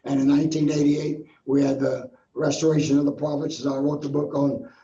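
A man's voice: a little high, little pitch movement, brisk, warm tone. Older male preacher guest, earnest storyteller, recorded in a roomy space with dull, lo-fi audio. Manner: earnest, repetitive preacher's cadence. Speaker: guest minister. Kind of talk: personal testimony storytelling.

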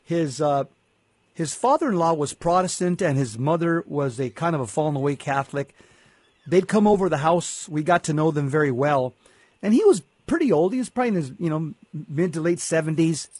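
A man's voice: a little high, lively intonation, brisk, darkish tone, husky, no room sound. A man co-hosting a Catholic talk show, speaking earnestly and often repeating words as he gets going. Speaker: Catholic radio co-host. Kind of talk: casual faith talk show chat.

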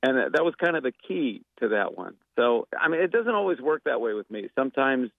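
A man's voice: medium pitch, very animated, brisk, gravelly, dry recording, phone-quality sound. A man being interviewed as a guest actor and impressionist, talking in a rambling, thoughtful way with many fillers and restarts. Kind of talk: casual interview talk.

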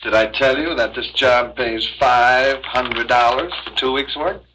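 An actor playing a sleazy, manipulative photographer in a 1960s film, with a pushy, wheedling manner. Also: male voice, mid-range voice, unhurried, bright, forceful tone, a little hiss or hum, poor audio.

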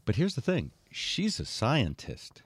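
A man's voice: mid-range voice, a little slow, breathy edge, dry recording. An older man hosting a chatty podcast, telling stories with many fillers. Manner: animated storyteller, many fillers. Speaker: host. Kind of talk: casual chat.

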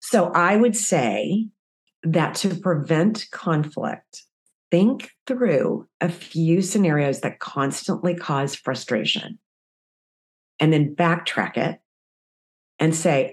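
Low-voiced woman telling a lively story. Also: slow. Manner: animated storyteller, acts out quoted voices. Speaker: guest. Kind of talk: conversational storytelling interview.

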